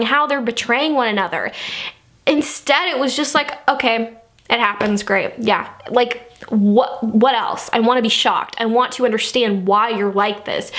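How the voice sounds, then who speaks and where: Young woman, fairly high voice, casual vlog film review, rambling and exasperated. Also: fairly bright tone. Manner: rambling, exasperated, many fillers. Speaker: movie reviewer.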